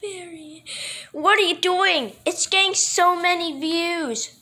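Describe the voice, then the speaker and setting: A high, bright female voice acts out a homemade comedy skit, hopping between playful character voices. She delivers her lines slowly and draws each one out, even when the character is excited. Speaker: skit performer playing several characters.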